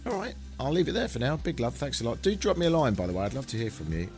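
A man's voice: sing-song, quick pace, a little mellow, faint music behind. A man from England hosting a travel podcast, talking casually and cheerfully swearing as he rambles. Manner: chatty and swearing, with big swings in pitch.

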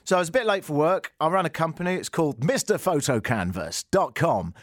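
Sarcastic British radio host, very lively. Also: male voice, on the high side, fairly quick, hardly any pauses, no echo, studio quality. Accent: British English. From Britain. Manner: sarcastic, animated, mock-outraged rants. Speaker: radio talk show host. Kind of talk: comedic radio monologue. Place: radio studio. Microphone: studio microphone.

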